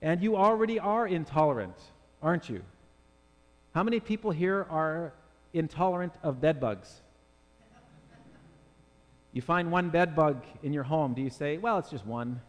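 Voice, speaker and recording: Male pastor, slightly high voice, emphatic sermon delivery, long reverb of a church hall. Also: expressive, a little slow, pauses often. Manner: emphatic preaching, rhetorical questions to the congregation. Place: church sanctuary with congregation.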